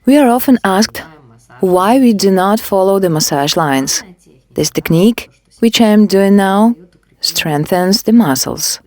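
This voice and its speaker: A woman demonstrating a facial care technique, giving calm step-by-step instructions. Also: medium pitch, a little slow. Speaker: beauty device instructor.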